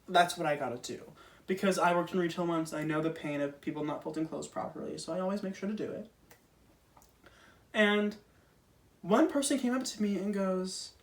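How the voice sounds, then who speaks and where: A man's voice: sits high, far from the mic. A young man performing a casual stand-up monologue, chatty and self-deprecating with lots of fillers. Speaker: stand-up comedian.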